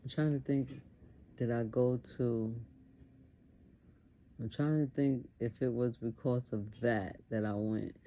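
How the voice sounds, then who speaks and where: A woman's voice: very deep voice, fairly even intonation, slow, long pauses, warm tone. A woman telling a personal testimony story in an earnest way, repeating phrases for emphasis.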